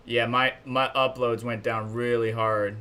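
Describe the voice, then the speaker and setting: A man's voice: mid-range voice, level tone, a little slow, bright, forceful tone, clean tone. A man hosting a live stream, giving casual news commentary in a chatty, blunt way and complaining openly.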